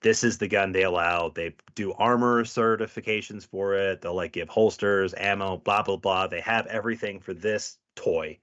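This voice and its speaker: A man's voice: deep voice, moderate pace, hardly any pauses. A man, a podcast co-host and police officer, telling stories in casual chat, cursing freely and acting out the people he quotes. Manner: profane, animated, acts out quoted people. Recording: dull lo-fi audio.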